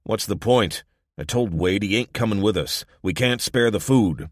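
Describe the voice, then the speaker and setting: A petty bully snaps his demands in a low, curt voice, voiced by a male narrator. The sound is dry and close to the mic. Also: lively intonation, moderate pace, no room sound. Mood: curt demanding. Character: petty bullying middle-aged man.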